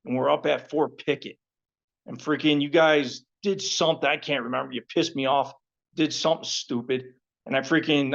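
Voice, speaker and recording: A man's voice: medium pitch, creaky, a bit bright, muffled recording. Profane, joking ex-Marine man. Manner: profane, joking, heartfelt at the end. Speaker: former Marine gunnery sergeant. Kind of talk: casual storytelling to fellow Marines.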